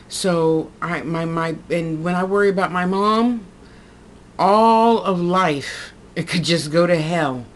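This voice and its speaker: A woman's voice: lowish voice, slight background noise. Heartfelt rambling woman vlogging. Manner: rambling, heartfelt, repeats herself. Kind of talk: casual vlog monologue.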